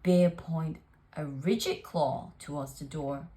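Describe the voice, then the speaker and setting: A woman reading a children's picture book aloud, very expressive and lingering on phrases. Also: deep voice, measured pace. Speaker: storyteller.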